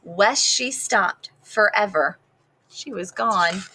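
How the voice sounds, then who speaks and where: A woman teacher reading a picture book aloud to her class, expressive, pausing to ask the children questions. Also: mid-range voice, slightly rough, rough recording.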